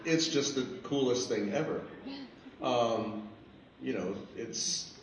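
A man on a panel telling an animated anecdote, laughing often. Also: medium pitch, slow. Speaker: panel guest, comic writer. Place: convention hall stage. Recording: echoey hall from far off, clear background noise.

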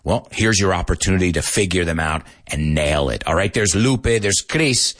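A man's voice: deep voice, animated, moderate pace, a bit bright. A man teaching an English lesson in an upbeat, joking way, spelling words out letter by letter and slipping in Spanish translations. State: out of breath. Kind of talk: live-stream English lesson.

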